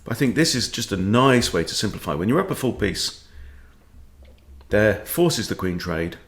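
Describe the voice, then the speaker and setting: Chess coach guy talking through his moves out loud, kinda low voice, jokey little asides. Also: sing-song, moderate pace. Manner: thinking aloud, playful quips. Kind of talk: live chess game commentary.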